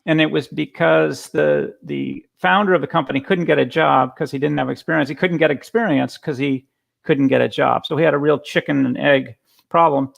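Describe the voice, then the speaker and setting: Man, conference talk, gravelly voice, storytelling, restarts, video call. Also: a little high, steady tone, moderate pace. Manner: casual storytelling with frequent restarts. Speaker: guest speaker.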